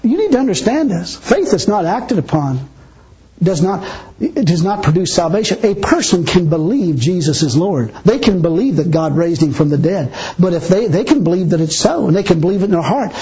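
A man's voice: high-pitched, animated, a little fast, dark tone. A male preacher delivering an emphatic, blunt sermon with mocking asides. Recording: dull lo-fi recording.

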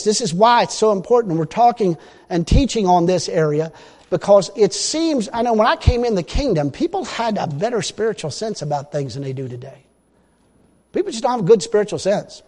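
A middle-aged preacher with a drawl and a high voice, delivering a folksy, emphatic sermon that climbs into loud declarations. His words ring out with a long echo around a church hall.

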